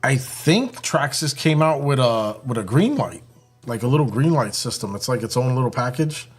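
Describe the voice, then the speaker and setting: A man's voice: mid-range voice, big pitch swings, normal speed, slightly rough, faint music behind. Easygoing man hosting a live stream. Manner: joking, laughs often, talks to chat. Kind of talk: casual live-stream chat while building a kit.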